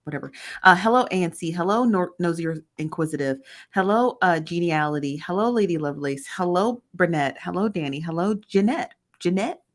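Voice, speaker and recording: A woman's voice: on the low side, lively intonation, brisk. A woman hosting a casual livestream, chattily greeting viewers by name and reading their comments aloud. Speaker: livestream host. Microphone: phone.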